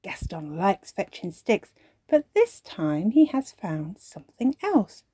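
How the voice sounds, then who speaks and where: A woman reading a children's story aloud in a slow, expressive storybook manner. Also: mid-range voice, slightly rough, no echo. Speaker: storytime reader.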